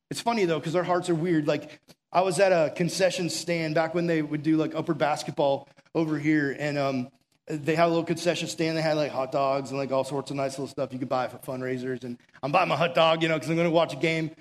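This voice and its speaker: Male preacher, high bright voice, chatty storytelling sermon that turns soft and slow. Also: fairly even intonation. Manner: casual storytelling, acts out quoted voices, drops to soft and slow near the end.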